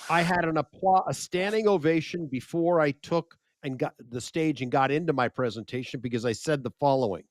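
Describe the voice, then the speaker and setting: An older man with an American accent, a media expert guest telling lively stories and acting out quoted exchanges in a casual interview. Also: fairly high pitch, a little fast, hardly any pauses, dry recording, clean studio sound.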